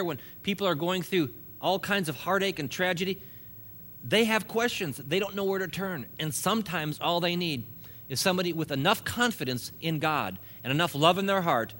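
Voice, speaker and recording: Emphatic man preaching a bright sermon. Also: high-pitched. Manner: emphatic, repetitive. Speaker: pastor.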